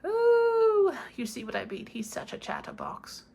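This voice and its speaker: A woman's voice: very high-pitched, wildly swooping pitch, unhurried, creaky, warm tone, slight background noise, pitched above the performer's own voice, full character voice. A woman voicing a cheerful, rambling male wizard puppet in a playful tarot reading, with a theatrical manner that slips into a posh put-on accent.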